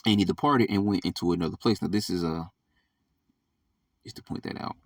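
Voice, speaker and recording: A man walks through a scripture passage in an easygoing, conversational way, checking in with his listeners again and again. His voice is fairly low, and it sounds a little distant from the mic in a dry, dead room. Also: fairly quick, dry recording. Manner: conversational, full of fillers like "all right" and "you know". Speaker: Bible study teacher. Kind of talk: casual Bible study teaching. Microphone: audio only, not seen.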